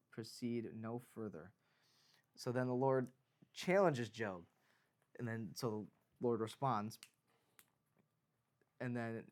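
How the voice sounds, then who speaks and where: A man co-hosting a podcast, chatting casually about the Bible and reading long scripture passages aloud, with fillers and laughs. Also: medium pitch. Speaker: podcast co-host. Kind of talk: casual Bible study chat.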